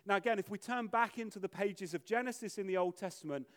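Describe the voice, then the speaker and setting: A man preaching with a high, light voice. He is lively and animated, and he slips into the voices of the people in his story. The delivery is a sermon to a congregation. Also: fast. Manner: animated, acts out voices of biblical figures.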